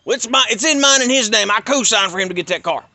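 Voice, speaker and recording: A man voicing his angry, whining middle-aged father, high and loud. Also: expressive, fast, dry recording, full character voice. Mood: indignant. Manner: high-pitched, loud, pleading.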